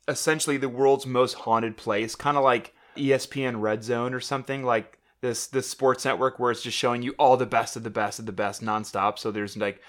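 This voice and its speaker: A man's voice: medium pitch, fairly bright tone. A young man co-hosting a casual chat, rambling and joking with lots of fillers and restarts. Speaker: podcast co-host.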